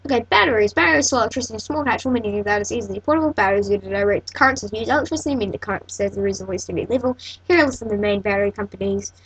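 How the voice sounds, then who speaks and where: A woman's voice: mid-range voice, very fast, hardly any pauses, a bit bright, slightly rough, low-quality recording. A woman hosting a casual coding tutorial, thinking aloud and correcting herself as she works. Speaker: tutorial host.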